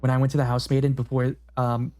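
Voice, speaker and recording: A man's voice: medium pitch, completely flat delivery, fast, a little mellow, dry recording. A man streaming a video game, reading the text aloud and reacting with emotional, swear-filled commentary. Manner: emotional, sweary, swings from muttering to outbursts. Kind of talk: casual let's-play commentary and reading.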